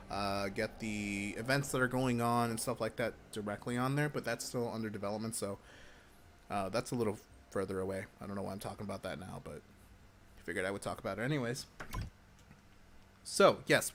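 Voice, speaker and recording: In a medium-pitched, somewhat bright voice with a bit of hiss or hum in the audio, a man fields viewer questions on a casual livestream for a game community. Hyper and chewing gum, he chats and rambles, repeatedly interrupting himself mid-sentence.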